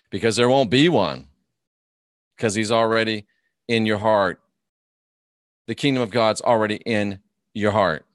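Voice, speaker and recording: A man's voice: mid-range voice, fairly bright tone, dry recording, clean studio sound. A man hosting a live stream, ranting and mocking his opponents while reading viewer comments aloud. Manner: mocking, combative, reads chat comments aloud.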